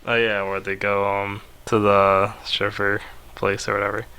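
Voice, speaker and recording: A man's voice: lowish voice, level tone, normal speed, pushed and bright, smooth. A man co-hosting a podcast, talking in a laid-back, hesitant way. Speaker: podcast co-host. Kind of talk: casual chat.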